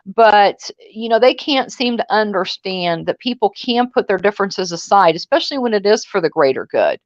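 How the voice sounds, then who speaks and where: A bossy, blunt woman chatting on a livestream panel and name-calling freely. Her voice sits at a middle pitch and comes through dull and lo-fi. The sound is dry, with no room around it. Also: expressive, normal speed, no echo. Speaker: panel co-host. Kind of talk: casual livestream chat.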